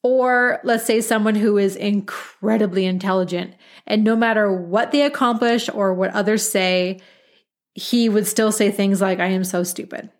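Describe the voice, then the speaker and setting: A woman's voice: medium pitch, steady tone, a little slow. Give me a candid woman podcast host in her thirties, chatty and direct. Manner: candid, chatty, peppered with mild swearing. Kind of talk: casual podcast monologue.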